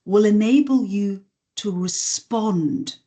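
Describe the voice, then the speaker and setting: Woman communication coach, mid pitch, mellow tone, calm and instructive, podcast guest. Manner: measured, instructive, demonstrates intonation examples. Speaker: voice and communication skills trainer. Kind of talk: podcast interview, explaining and demonstrating.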